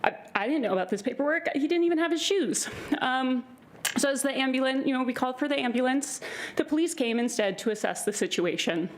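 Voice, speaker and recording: A woman giving a nervous, halting, earnest public comment at a board meeting. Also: sits high, expressive.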